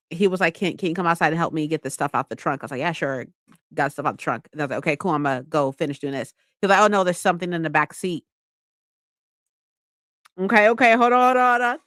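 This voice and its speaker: Talking fast in a low voice, a young woman chats casually in a home vlog, full of bubbly energy and letting out squeals when excited. The sound is clean, studio-quality, with no room echo.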